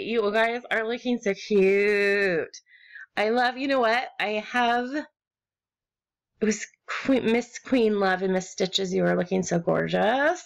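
Gushing, slow-talking young American woman. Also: creaky. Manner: gushing, rambling, swings between squeals and low mutters. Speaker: online game vlogger. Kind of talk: casual gaming commentary.

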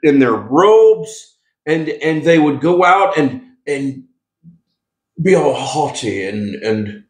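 A man's voice: a little high, animated, slow. A male pastor preaching a sermon, emphatic, with call-and-response asides and frequent restarts. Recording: echoey room.

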